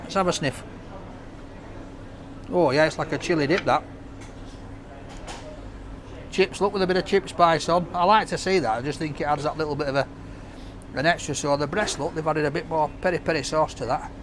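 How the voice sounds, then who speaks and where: A man's voice: a little high, normal speed, long pauses, background noise. A man reviewing a takeaway outdoors, chatting casually to camera and joking with his cameraman. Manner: jokey, banters with his cameraman. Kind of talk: casual vlog chat to camera.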